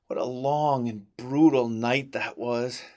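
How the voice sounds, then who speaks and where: A man narrating a Bible story for children, telling it in a dramatic, expressive way with big swings in delivery. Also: medium pitch, takes it slowly. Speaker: children's ministry teacher.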